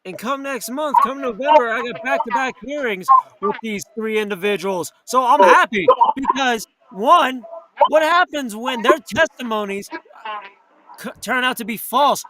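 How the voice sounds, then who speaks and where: Angry guy hosting talk radio, real high voice, swearing a lot, lots of noise behind. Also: animated, measured pace. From New York or Florida. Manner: profane, heated, indignant. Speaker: host. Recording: loud background noise.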